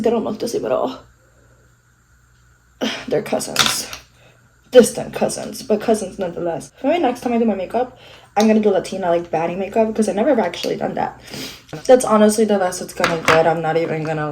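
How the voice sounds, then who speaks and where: A woman's voice: mid-range voice, darkish tone, slight background noise, poor audio. A young woman chatting casually as she does her makeup at home, candid and self-mocking, swearing freely and sounding a little stuffy from a coming cold. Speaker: beauty vlogger. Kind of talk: casual get-ready-with-me chat. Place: her living room.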